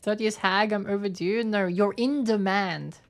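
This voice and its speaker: Her voice is mid-range with fairly even intonation, delivered at a moderate pace. The speaker is a twenty-something streamer who plays a game, reads chat, and chats casually and playfully with viewers, giggling and thinking aloud as she goes.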